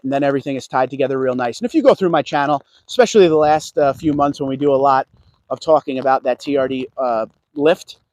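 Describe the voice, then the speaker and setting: A car vlogger tours a dealership lot outside on a laid-back livestream, addressing viewers by name as he chats. His mid-range voice has a darkish tone, and the recording is dry.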